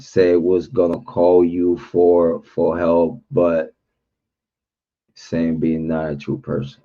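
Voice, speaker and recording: Slow-talking, profane livestream host. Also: male voice, low-pitched, warm tone. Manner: blunt, profane call-out talk. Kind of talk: livestream rant. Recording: dull lo-fi livestream audio.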